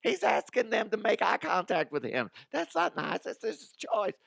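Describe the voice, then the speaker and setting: A man doing a shrill, fussy sports parent. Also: huge pitch swings, moderate pace, gravelly, fairly bright tone, no room sound, studio quality, exaggerated voice. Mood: scandalized. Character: fussy disapproving Little League parent.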